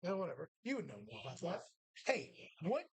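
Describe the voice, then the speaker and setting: Cussing guy hosting bar talk, rambling stories, bouncy pitch, close dry mic. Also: very animated, normal speed, gravelly, breathy edge, no room sound. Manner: profane, rambling storyteller. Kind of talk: casual bar chat. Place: pub.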